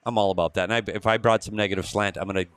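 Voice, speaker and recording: A man co-hosting a casual live sports chat, excitable and chummy, calling people buddy. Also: lowish voice, racing, smooth, no room sound. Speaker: sports podcast co-host.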